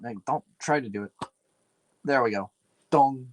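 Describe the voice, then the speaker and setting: Up late and tired, a man livestreams himself building a PC, muttering, swearing and rambling in a self-deprecating way. His voice is medium-pitched and unhurried, and the poor audio has a little hiss or hum.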